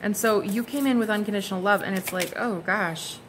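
A woman's voice: medium pitch, brisk, a little hiss or hum. A woman giving a casual, gushing tarot reading to her viewers, exclaiming and swearing freely as she turns the cards. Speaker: tarot card reader.

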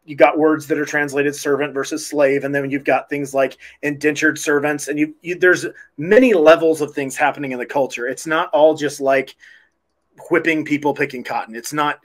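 A man defending his faith in an online debate, earnest and plain-spoken with some restarts. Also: on the high side. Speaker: Christian podcast host.

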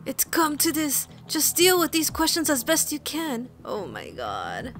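A woman records gaming commentary, voicing the characters' lines herself and then dropping into quiet asides between them. Her voice sits a little high, and soft game music plays underneath. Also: wildly swooping pitch, a little slow. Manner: reads game text aloud with playful asides and mutters. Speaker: let's play streamer. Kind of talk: gaming commentary and reading game dialogue aloud.

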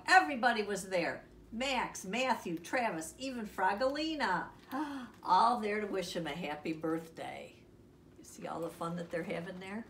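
A woman reading a children's picture book aloud with expressive voices and chatty asides to the listener. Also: mid-range voice, normal speed, far from the mic. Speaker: storyteller. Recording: echoey room, off-mic, faint hiss.

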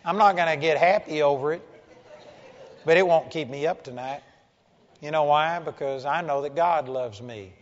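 High-voiced man preaching a folksy sermon. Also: moderate pace. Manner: folksy, blunt and joking. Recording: dull lo-fi sound with long hall reverb.

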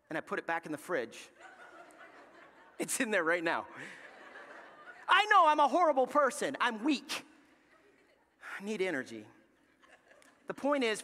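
Pastor, male, high and bright voice, animated storyteller, live church reverb. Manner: animated storytelling, acting out family dialogue. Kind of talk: sermon. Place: large church sanctuary.

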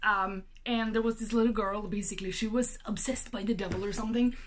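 A young woman vlogging from her apartment as she unboxes a package, chatty and excitable, gasping and exclaiming with lots of fillers. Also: mid-range voice, brisk, a little hiss or hum. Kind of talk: casual unboxing vlog.

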